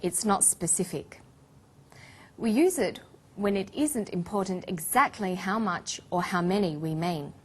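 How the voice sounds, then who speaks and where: A woman narrating an English language lesson in a clear, scripted teaching manner. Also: medium pitch, animated. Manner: slow, clear teaching delivery.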